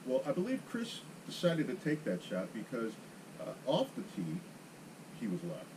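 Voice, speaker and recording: A man's voice: medium pitch, wildly swooping pitch, moderate pace, noisy background. A man guesting on a golf chat show, retelling a round with dry, mock-serious humor. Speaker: guest golfer. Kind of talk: casual chat.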